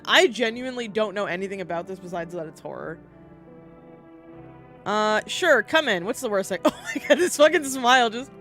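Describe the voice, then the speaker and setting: A young woman streaming a horror game, chatting excitably, swearing, laughing often and reading chat aloud. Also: on the high side. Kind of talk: casual live-stream gaming commentary.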